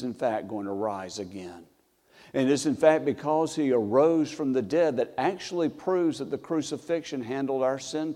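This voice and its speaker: A man preaches in a church sanctuary, his mellow voice carried by a long reverberant tail. He lifts his volume when reading scripture and drops low and soft to press a point home. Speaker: pastor. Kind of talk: sermon.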